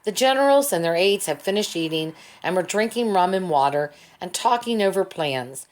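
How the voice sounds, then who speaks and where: A woman reads a novel aloud in a calm, steady way. Her voice sits a little low and stays even. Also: moderate pace. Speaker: audiobook reader. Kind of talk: audiobook narration.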